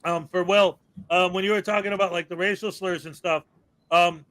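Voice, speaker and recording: A man hosting a casual commentary show over video clips, chatty and quick with asides, laughing often. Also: high voice, fairly even intonation, a bit bright, no room sound. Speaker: show host.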